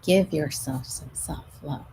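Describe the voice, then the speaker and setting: A middle-aged woman, a stress management coach, talking gently to her audience on a live show and at times dropping almost to a whisper. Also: deep voice, takes it slowly, vocal fry, a little hiss or hum, poor audio.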